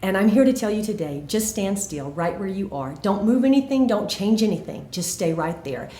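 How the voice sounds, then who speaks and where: A woman's voice: medium pitch, lively intonation, moderate pace, mellow. A woman telling a personal faith testimony in an earnest, emphatic way, recorded in an echoey room. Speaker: faith video host.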